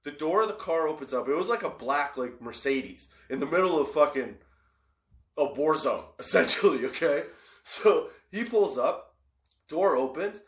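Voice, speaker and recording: Guy telling a crazy story on his podcast, swears a ton, keeps cracking up, kinda high voice, echoey room. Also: unhurried. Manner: animated, laughs often, swears freely. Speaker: podcast host. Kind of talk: comedic storytelling.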